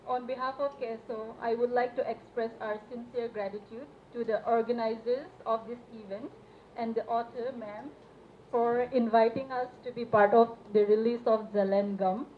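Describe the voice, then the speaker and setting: Young woman from Manipur, student speaker, higher voice, hesitant and earnest; tinny phone-quality audio. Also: steady tone, moderate pace. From Manipur, India. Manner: hesitant, earnest, many fillers. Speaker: student representative speaking at a solidarity event. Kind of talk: public speech. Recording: tinny phone-like live stream with faint noise.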